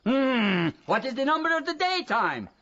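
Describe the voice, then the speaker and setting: A man playing a jolly vampire count who loves counting, with theatrical laughs and drawn-out delivery in a children's TV puppet show. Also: very high voice, big pitch swings, heavily acted. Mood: suspenseful. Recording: dull audio with loud organ music.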